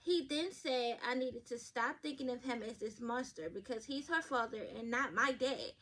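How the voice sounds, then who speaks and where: A woman's voice: fairly high pitch, moderate pace, a bit bright. A woman hosting a podcast, reading advice stories aloud and giving blunt, profane, chatty takes straight to her listeners, sometimes stumbling over words. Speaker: podcast host.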